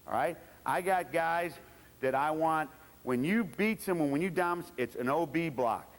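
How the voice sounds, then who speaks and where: A fired-up man coaching a room of football coaches, blunt and salty, jumping into his players' voices as he tells his stories. His voice sits on the higher side. The sound carries the long ring of a large hall. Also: normal speed. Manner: blunt, profane, animated storytelling with acted quotes of players. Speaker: football coach giving a clinic talk. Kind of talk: coaching clinic lecture.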